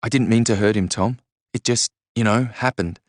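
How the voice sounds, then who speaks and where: Anxious young woman, halting, fillers, male reader, low smooth voice, dry sound. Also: no echo, natural voice. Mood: uneasy.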